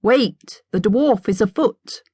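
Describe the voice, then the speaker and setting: A woman's voice: on the high side, expressive, slow pace, warm tone, husky, dry recording, pitched above the performer's own voice, full character voice. A woman voicing the Mad Hatter, sing-song. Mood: frantic insistent. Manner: sing-song, wheedling, unhinged. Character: mad, sing-songy male hatter, maniacal. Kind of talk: audiobook character voice.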